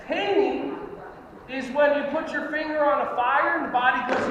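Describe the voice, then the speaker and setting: A man leading a live fitness workshop for teachers, energetic and joking as he coaches the group through movements. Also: extremely high pitch, moderate pace. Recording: echoey hall, distant lo-fi mic, noisy.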